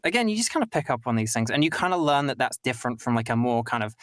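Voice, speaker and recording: A man's voice: medium pitch, big pitch swings, rapid-fire, a little hiss or hum. A British man hosting a stream, chatting casually and rambling with lots of fillers and restarts on a streaming mic. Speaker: streamer host.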